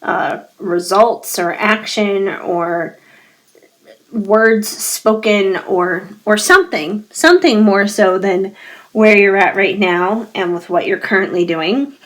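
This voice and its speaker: Woman doing a tarot card reading, slow and gentle, voice kinda fading, keeps clearing her throat. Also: medium pitch. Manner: gentle, musing, reassuring, speaks directly to viewers.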